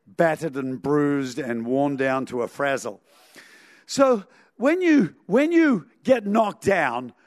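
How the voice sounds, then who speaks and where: A man's voice: on the high side, no room sound. A man preaching a sermon, telling a story animatedly with sound effects and chuckles.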